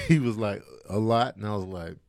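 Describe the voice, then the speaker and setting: Co-host, forties; lively pitch, dry close mic. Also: male voice, moderate pace, vocal fry, no room sound. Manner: laid-back, animated storytelling with voiced quotes. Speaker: podcast co-host, father. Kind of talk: casual chat.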